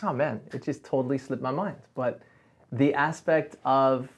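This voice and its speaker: A man speaks earnestly as a guest on a relaxed podcast. He tells his story with a steady, sincere delivery and leans on "you know" between thoughts. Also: medium pitch, normal speed, breathy edge. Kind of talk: casual podcast conversation.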